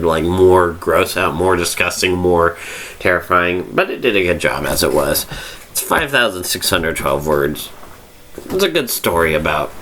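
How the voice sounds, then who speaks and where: Low and sharp, with a little hiss or hum on the recording, this tipsy fanfiction review host wanders through a casual rambling monologue. He's drunk, curses liberally, and forgets where he was going.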